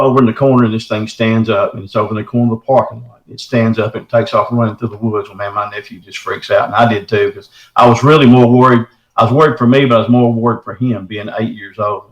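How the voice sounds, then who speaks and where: A man's voice: on the low side, reverberant, rough recording. A middle-aged man, telling his own encounter story in casual, folksy talk, often saying "man". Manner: folksy, says "man" often, animated retelling. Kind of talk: casual first-person storytelling.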